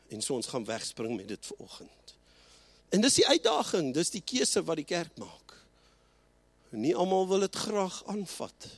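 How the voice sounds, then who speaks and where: A man preaching a sermon, moving between Afrikaans and English and slowing down to stress key lines. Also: on the high side, slightly rough, dry recording. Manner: switches between Afrikaans and English, slows and rises for emphasis. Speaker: pastor.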